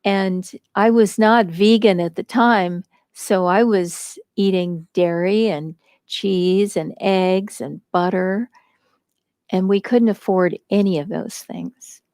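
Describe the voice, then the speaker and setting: An American woman telling a personal story at a devotional gathering, slow and reflective, with light laughter. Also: medium pitch, a little mellow, no room sound. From United States.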